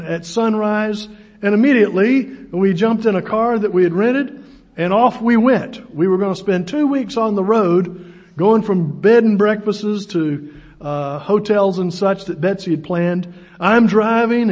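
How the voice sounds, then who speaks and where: A man in his sixties preaching a sermon, telling folksy stories with a self-deprecating wink. His voice sits high for a man and sounds husky. The recording is dull and lo-fi. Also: a little mellow. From United States.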